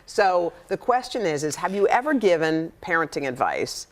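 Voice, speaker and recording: A woman co-hosting a morning talk show, chatting casually and telling lively stories with acted-out voices. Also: on the low side, normal speed. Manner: animated storytelling, acts out voices in anecdotes. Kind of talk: casual chat. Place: television studio.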